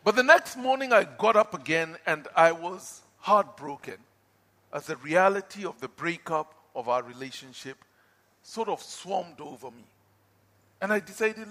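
A male preacher with a high, bright, ringing voice delivers an impassioned sermon and testimony. He swings between loud, forceful bursts and quiet, pleading lows. His voice carries a long reverb from a large hall. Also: expressive, unhurried.

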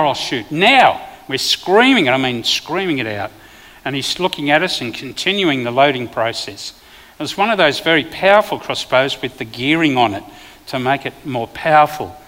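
An Australian man, a preacher and former police officer, telling a vivid testimony in a sermon with sudden loud bursts. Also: medium pitch, expressive, moderate pace, long reverb tail.

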